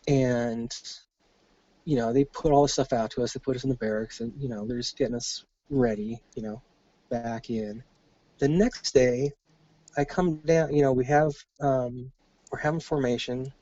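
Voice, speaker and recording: A man's voice: medium pitch, no room sound, dull audio. Profane man spinning an army story. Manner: animated, profane, acts out quoted dialogue. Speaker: podcast guest, army veteran. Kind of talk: casual storytelling.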